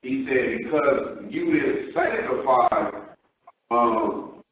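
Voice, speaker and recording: A man in the congregation reading scripture aloud in a slow, drawn-out way. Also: medium pitch. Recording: distant, roomy, muffled recording.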